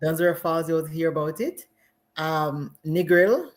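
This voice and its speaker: Animated Jamaican woman, laughs often. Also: sits low, takes it slowly. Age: adult with children. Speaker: guest. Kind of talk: casual live interview.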